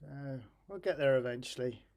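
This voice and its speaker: A man's voice: mid-range voice, normal speed, darkish tone. A middle-aged man streaming live, who talks through his computer troubles, swears in frustration and laughs at himself. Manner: exasperated, self-deprecating, swears and laughs at himself. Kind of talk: live-stream chat while programming.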